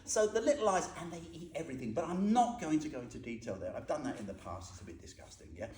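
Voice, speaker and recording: Speaking quickly in a slightly high, animated, somewhat mellow voice, a Buddhist teacher gives a humorous, informal dharma talk to a group. He chats and quizzes his listeners as he goes, in an echoey room with faint background noise.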